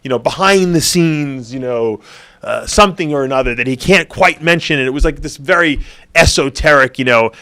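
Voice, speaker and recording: Rambling man with a bright voice. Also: medium pitch, moderate pace. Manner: rambling, many fillers and restarts, chuckles along. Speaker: podcast co-host. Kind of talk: casual opinionated chat.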